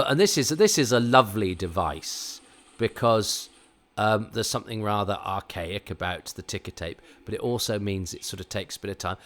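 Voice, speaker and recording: A middle-aged man with an English Received Pronunciation accent, chatting casually as a podcast host, rambling with lots of fillers and restarts. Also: deep voice. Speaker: podcast host reviewing a TV episode. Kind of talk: casual reflective commentary.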